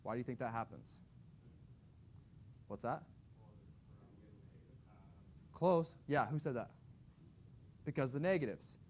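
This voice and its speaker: A man's voice: medium pitch, lively intonation, takes it slowly, long pauses, darkish tone. A man teaching a math class, talking casually and thinking aloud as he graphs. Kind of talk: classroom lecture.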